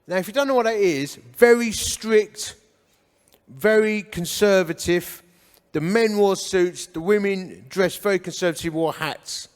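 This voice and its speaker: A man's voice: sits high, unhurried. A man, telling his life story with humor and acting out the dialogue. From Hornchurch, England. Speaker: guest speaker. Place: church hall. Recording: echoey church hall.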